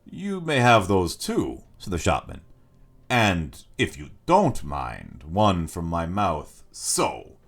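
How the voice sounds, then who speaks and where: A smooth, courteous magic shopkeeper with a very deep voice, as a man puts him on in a storybook reading. He is unhurried and polite, with a faintly uncanny air, and his low tone rises and falls with a lively swing. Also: heavily acted.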